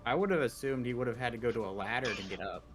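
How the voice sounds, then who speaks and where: Male player, mid-pitched, playful, questions the rules, soft music underneath. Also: rapid-fire. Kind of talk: casual tabletop game chat.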